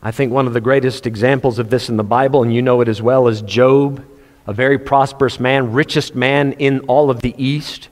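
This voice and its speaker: A man's voice: medium pitch, fairly even intonation, fairly quick. A man preaching a sermon, speaking conversationally and quoting scripture in King James wording. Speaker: pastor. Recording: long hall reverb.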